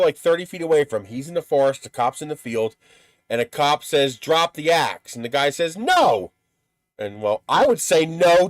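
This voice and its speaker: A man's voice: mid-range voice, dry recording. A man hosting a live stream in casual chat, blunt and profane, who laughs at his own stories.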